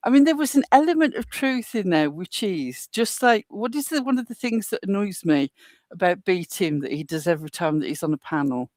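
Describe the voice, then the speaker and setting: A woman's voice: mid-range voice, animated, brisk, a little mellow, no echo. A woman co-hosting a casual chat, dry and joking with mock outrage, laughing often. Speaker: co-host.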